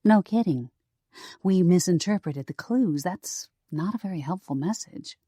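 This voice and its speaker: A woman's voice: fairly low pitch, expressive, measured pace, warm tone, breathy edge, dry recording, clean studio sound. Woman reading an eager young sleuth. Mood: earnest. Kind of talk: audiobook character voice.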